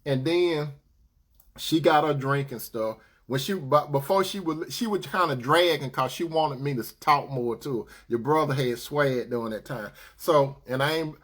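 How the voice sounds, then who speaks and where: A man's voice: fairly high pitch, fairly bright tone. A man telling a story casually and playfully to his viewers, acting out both sides of the talk. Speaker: advice talk host.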